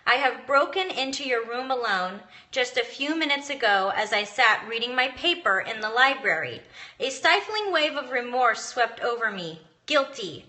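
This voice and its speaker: A woman's voice: high-pitched, pushed and bright. A young mother reading a passage from a book aloud, earnest and emotional, tearing up at times. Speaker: mom vlogger.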